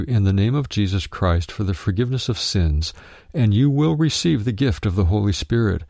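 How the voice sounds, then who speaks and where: A man narrating a written Bible teaching, reading it out in a measured way and calling out verse references. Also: sits low, mellow, dry recording, clean studio sound.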